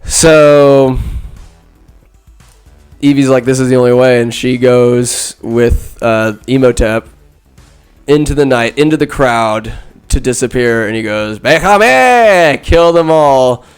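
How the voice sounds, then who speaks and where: A man hosting a podcast, recapping a film in a rambling, sarcastic comic style with loud asides. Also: mid-range voice, fairly even intonation, takes it slowly, long pauses, smooth, faint music behind. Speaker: podcast host. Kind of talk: comedic movie recap.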